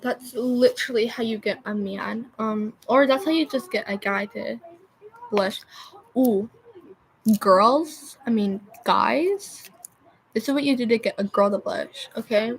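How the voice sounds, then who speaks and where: Rambling high-voiced young woman. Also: measured pace, creaky, slightly rough. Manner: rambling, loses her train of thought, constant "like" fillers. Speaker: livestreamer. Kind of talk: rambling live-stream chat.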